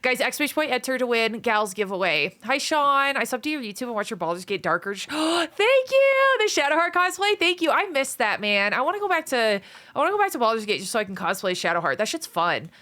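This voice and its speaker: A woman's voice: medium pitch, sing-song, quick pace, sharp tone, dry recording. A woman streamer in casual chat with viewers, greeting them by name and swearing freely. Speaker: live streamer.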